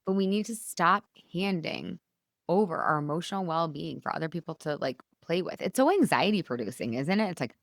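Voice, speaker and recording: A middle-aged woman coaches her listeners through a solo podcast, chatty and keen. Her voice sits a little low for a woman. The recording is close and dry, with no room around it. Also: animated, a little fast, no echo. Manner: enthusiastic, chatty, direct to listeners. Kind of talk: solo motivational podcast talk.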